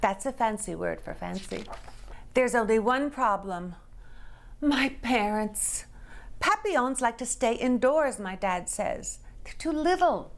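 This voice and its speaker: A woman reading a children's picture book aloud in an expressive storytelling voice, dropping into whispers and rising to excited cries. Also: a little high, takes it slowly, gravelly. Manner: animated, dips into whispers and rises to excited cries. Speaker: storybook reader.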